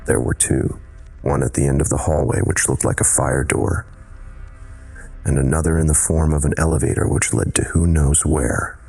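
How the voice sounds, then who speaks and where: A man narrating a scripted horror story in a measured, dramatic way. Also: extremely low pitch, level tone, creaky, darkish tone, faint music behind.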